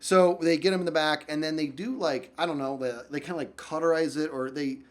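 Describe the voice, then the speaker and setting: Animated man telling a story. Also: a little fast. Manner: very animated, swinging from loud outbursts to low mutters; rambling, full of likes and restarts. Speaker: YouTube storyteller.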